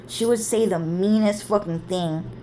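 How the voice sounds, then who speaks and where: In an unhurried, warm, mid-range voice, a young woman vlogger tells a rambling family story. The casual monologue is full of swearing and fillers like "like" and "dude," with slight background noise.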